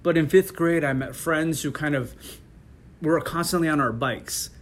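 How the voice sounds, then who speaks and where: A middle-aged man answers interview questions in an easygoing way, his voice sitting somewhat high for a man. He restarts sentences often and breaks into laughter as he talks. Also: moderate pace. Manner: hesitant, many restarts and laughs. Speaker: interview guest. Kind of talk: casual conversational interview.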